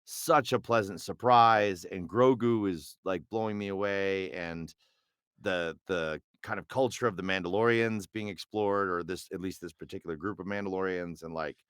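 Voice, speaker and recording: A man's voice: low voice, moderate pace, fairly bright tone, clean tone, no echo, clean studio sound. A middle-aged man, a voice actor, chatting as a guest in an interview with lots of fillers and restarts. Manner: rambling and hesitant, with many fillers and restarts. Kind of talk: casual interview chat.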